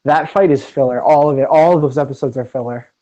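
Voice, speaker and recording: A young man in casual chat, opinionated and quick to rant, laughing as he goes. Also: mid-range voice, dark tone, muffled recording.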